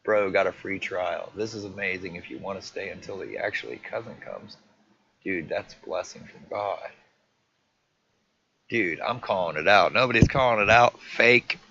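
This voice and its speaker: A man's voice: low voice, moderate pace, creaky, a bit bright. A man livestreaming, animatedly reacting to and retelling video clips, swearing casually. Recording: dull lo-fi stream audio with faint noise.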